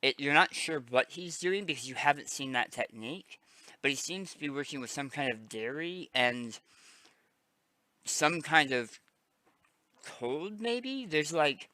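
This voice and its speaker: A man narrating a tabletop game as game master, halting with many fillers. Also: a little high, lively intonation, sharp tone, dry recording.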